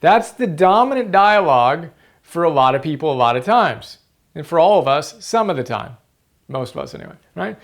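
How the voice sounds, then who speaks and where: A man's voice: fairly high pitch, very animated, moderate pace. A man hosting a motivational book-summary video, earnest and emphatic, repeating key phrases for stress.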